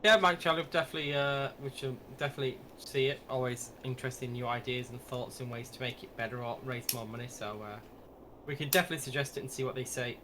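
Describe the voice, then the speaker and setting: A man's voice: medium pitch, fast, pushed and bright, a little hiss or hum. A man co-hosting a flight simulator stream, speaking in an easygoing way with frequent fillers. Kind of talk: casual chat.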